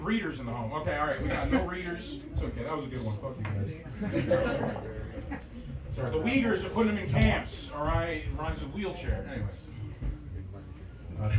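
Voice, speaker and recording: On stage at a comedy club, a stand-up comedian delivers a crude, meandering, self-mocking set in a high, energetic voice. Audience laughter fills the roomy, far-off club recording.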